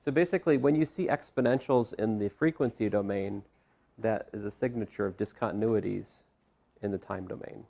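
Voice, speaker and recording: A male math professor lecturing in a classroom, his fairly low voice carrying a gravelly edge. He works through each step aloud, breaking off for asides and quick self-corrections as he goes. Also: warm tone. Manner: talks through steps with frequent asides and restarts.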